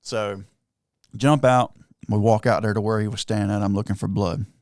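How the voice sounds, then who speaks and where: A man telling a hunting story on a podcast, excited and animated, acting out what everyone said. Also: on the low side, moderate pace, no echo, clean studio sound. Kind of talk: casual storytelling chat.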